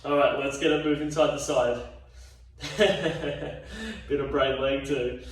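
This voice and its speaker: This fitness instructor speaks slowly at medium pitch with a steady tone. Leading a home exercise class, he yawns and sounds worn out yet remains chatty and encouraging as he counts reps. The room is very echoey and the mic is distant.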